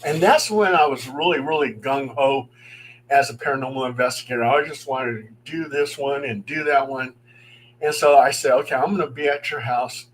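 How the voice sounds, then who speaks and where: A middle-aged man, a paranormal investigator, telling ghost stories in a casual, animated way and acting out the voices in them. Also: medium pitch, moderate pace, slight background noise, rough recording. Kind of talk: casual storytelling on a talk show.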